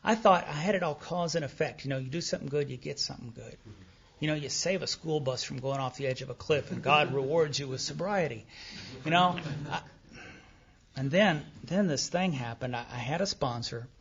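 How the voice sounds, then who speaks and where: A man telling his recovery story at a meeting, candid and self-deprecating, animated as he acts out remembered dialogue, on a dull lo-fi tape. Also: fairly high pitch, brisk. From Texas. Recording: dull lo-fi tape of a live talk.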